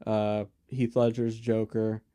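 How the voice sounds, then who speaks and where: Laid-back male co-host with a mellow voice. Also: on the low side, little pitch movement, slow pace, smooth. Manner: laid-back, brief interjections and questions. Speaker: podcast co-host. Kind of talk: casual movie review chat.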